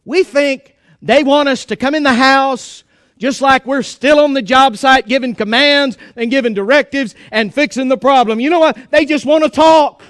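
A man's voice: very high voice, normal speed, a bit bright, dry recording, clean studio sound. A man preaching a sermon in a folksy, joking and emphatic way.

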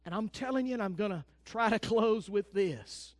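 A man preaching a sermon as pastor, fervent and swinging from loud declarations to hushed, intense asides. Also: high voice, normal speed, no room sound, studio quality.

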